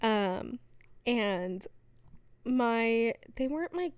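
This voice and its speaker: A young adult woman, a podcast guest, telling stories in casual chat, animated and laughing often, with lots of fillers. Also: fairly high pitch, very slow, clear, resonant tone, dry recording.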